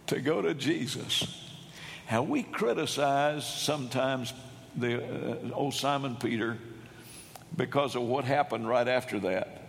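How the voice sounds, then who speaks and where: A man preaching a sermon, emphatic, rising to loud shouts when he quotes. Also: medium pitch, creaky. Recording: long hall reverb.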